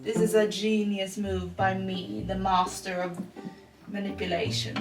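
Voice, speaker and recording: A woman's voice: medium pitch, moderate pace. Young woman vlogging, far from mic. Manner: swears constantly, frustrated and self-mocking. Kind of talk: casual talk to camera. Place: at home, late at night. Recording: distant mic with music behind.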